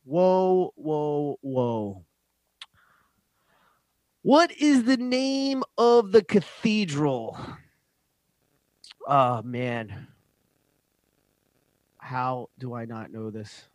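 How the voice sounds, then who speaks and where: A man co-hosting a trivia podcast in casual chat, teasing and thinking out loud. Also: fairly high pitch, very animated, drawn-out words, pauses often, no room sound. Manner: playful, thinks aloud, teasing.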